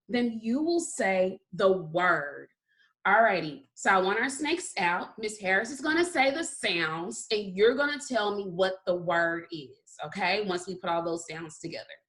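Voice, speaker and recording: In an expressive, medium-pitched, slightly bright voice, a woman teaches phonics to young children. The kindergarten teacher takes it slowly and encouragingly, elongating the sounds in words.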